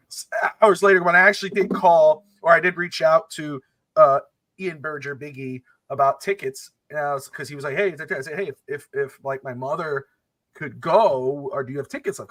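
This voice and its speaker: Fast-talking animated storyteller man. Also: on the high side, no echo. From Miami area. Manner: animated storyteller acting out both sides of conversations. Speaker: podcast co-host. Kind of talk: casual storytelling chat.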